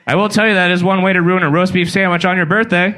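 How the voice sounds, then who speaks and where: A man in his twenties from California performing a stand-up comedy set, telling stories in a deadpan way and acting out quotes. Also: high-pitched, fast, slight background noise. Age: 20s. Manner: deadpan storytelling with acted-out quotes. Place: small comedy venue with a live audience.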